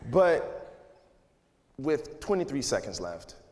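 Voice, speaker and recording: A relaxed man in his thirties gives a casual, candid talk to students in a large hall, his mid-range voice unhurried and trailing a long reverb. He's conversational, leans on "you know" and "like," and laughs a lot.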